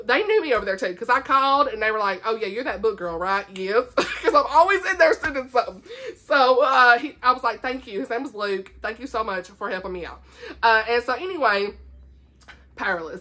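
A woman's voice: a little high, pushed and bright. A chatty woman with a Southern US accent, showing off her book haul in a casual vlog and laughing often. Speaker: book vlogger.

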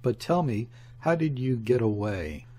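Cool smooth police inspector, slow and emphatic, audiobook, man reading. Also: mid-range voice, very animated, mellow.

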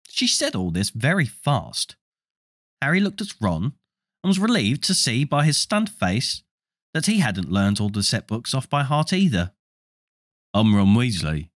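Animated male storybook narrator. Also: medium pitch, dry recording, clean studio sound. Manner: expressive, animated reading. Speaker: audiobook reader.

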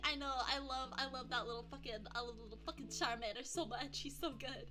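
A woman's voice: high-pitched, brisk. A young adult woman streaming live from home, chatting casually and greeting viewers with pet names like sweetie and darling. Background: faint background music.

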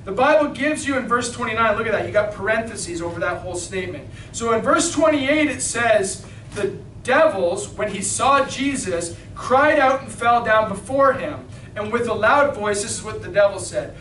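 A man preaching a King James sermon in a small church, reading scripture and exhorting with fervent, emphatic bursts of shouting. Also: high voice, expressive, unhurried. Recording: roomy hall, mic at a distance, faint noise.

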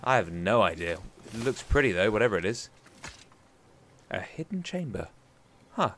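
A young man commentating his own gameplay in a chatty, jokey way, talking to himself as he goes. His voice is bright and lively, swinging up and down in pitch, with a faint hiss behind it. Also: normal speed. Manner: chatty, jokey, talks to himself while playing. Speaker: gaming YouTuber.

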